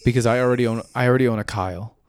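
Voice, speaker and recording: Male podcast co-host, fast, dry close sound, lively storyteller. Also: medium pitch, clear, resonant tone, dry recording. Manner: animated storyteller, swears casually. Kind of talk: casual chat.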